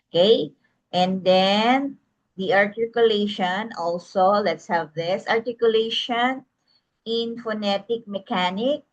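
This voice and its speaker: A woman lecturing an online class, often checking in with "okay?" and calling the students "guys". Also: medium pitch. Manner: tags most phrases with "okay?", addresses students as "guys". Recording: dull lo-fi recording.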